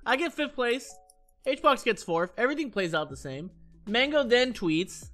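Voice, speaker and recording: A man's voice: high-pitched, sing-song, fairly bright tone, soft background music. A man in his thirties ranting heatedly in casual chat on his stream, swearing often and restarting his sentences. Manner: heated, profane, fast rambling with many restarts.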